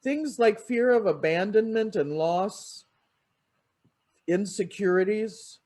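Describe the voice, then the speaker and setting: A minister delivering a sermon in an expressive, storytelling way. The voice sits in a middle pitch range. The manner is that of a pulpit address. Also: slow pace.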